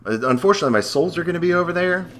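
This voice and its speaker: A man's voice: fairly high pitch, lively intonation, racing, fairly bright tone. A man commenting casually as he plays a hard video game, rambling, cursing and mocking himself. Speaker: gameplay host. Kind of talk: let's play commentary.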